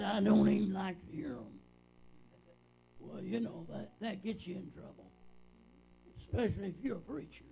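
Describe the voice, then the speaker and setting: Gravelly older preacher, slow and folksy. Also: male voice, high-pitched, darkish tone, slight background noise. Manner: folksy, repetitive, retells dialogue with "said". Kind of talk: reminiscing storytelling. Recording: dull lo-fi recording.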